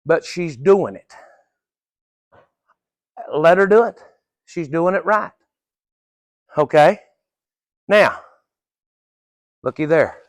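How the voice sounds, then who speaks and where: High-voiced, unhurried folksy horse trainer man. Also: expressive, no room sound. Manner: folksy, coaching, casual swearing. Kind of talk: live training-session instruction.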